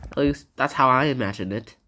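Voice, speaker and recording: A woman's voice: rumbling low, a little fast, bright, forceful tone. A woman giving a casual, playful book summary and acting out the dialogue. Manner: chatty, playful, acts out dialogue.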